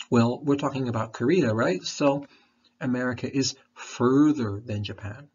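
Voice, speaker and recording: A male English teacher talks through a lesson in a patient, repeating way, sucking on a throat candy as he speaks. His voice is husky. The recording sounds dull and lo-fi. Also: medium pitch, a little mellow. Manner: patient, repeats questions and explains slowly.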